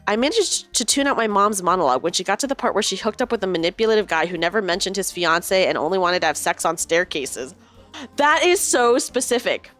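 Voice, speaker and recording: Lively woman streamer reading stories aloud. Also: mid-range voice, a little fast, faint music behind. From United States. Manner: laughs often, animated storytelling. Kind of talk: casual chat and reading aloud.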